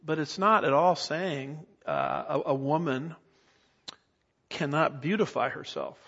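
Middle-aged male pastor, emphatic teaching sermon, raised pitch, muffled reverberant church recording. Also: sing-song, measured pace, gravelly, a bit bright, husky. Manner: emphatic teacher, asks the congregation rhetorical questions. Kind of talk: expository sermon.

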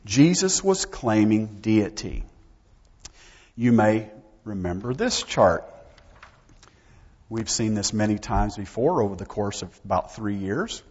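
A man's voice: fairly low pitch, animated, slow pace, long pauses, a little mellow, husky. A man preaching a sermon, emphatic and full of rhetorical questions to his congregation, recorded in a church sanctuary. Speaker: pastor. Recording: dull sound, long hall reverb.

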